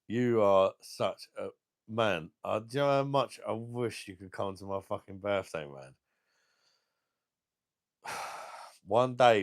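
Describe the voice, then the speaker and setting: Bloke, real deep and gravelly, chatting to viewers on his beer stream, swears a lot. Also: no room sound, clean studio sound. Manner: sweary, emotional, talks to chat viewers. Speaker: beer channel host. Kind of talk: casual live stream chat.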